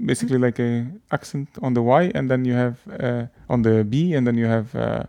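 A man's voice: medium pitch, steady tone, a little fast, vocal fry, warm tone, no room sound. Hesitant man explaining, dry sound. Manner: hesitant, many fillers and restarts. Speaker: language teacher. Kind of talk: casual explaining.

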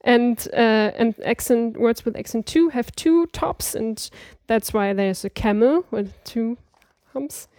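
A woman's voice: fairly high pitch, lively intonation, takes it slowly, few pauses, dark tone, no room sound, clean studio sound. A woman in a casual practice chat, explaining language points with lots of fillers and restarts. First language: not Swedish. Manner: hesitant, many fillers and restarts. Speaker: language learner.

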